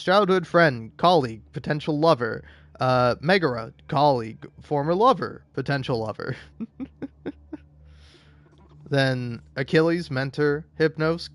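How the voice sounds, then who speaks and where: A man streaming and chatting casually, rambling with lots of profanity and stumbling restarts, breaking into high-pitched rants. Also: dry recording. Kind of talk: casual chat while gaming.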